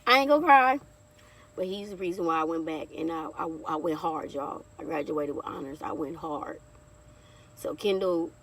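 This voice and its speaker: A woman's voice: deep voice, slightly rough, distant mic. A woman in her thirties sharing a heartfelt personal testimony in a casual vlog, talking straight to her viewers and calling them y'all. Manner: heartfelt, chatty, keeps addressing viewers as y'all. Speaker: vlogger.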